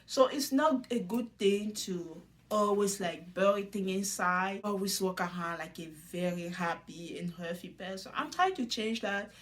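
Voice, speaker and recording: Young woman vlogger, chatty recap, mid-pitched voice, laughs a lot, mimics the people she quotes. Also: unhurried, few pauses. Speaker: reality show recap host. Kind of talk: casual commentary.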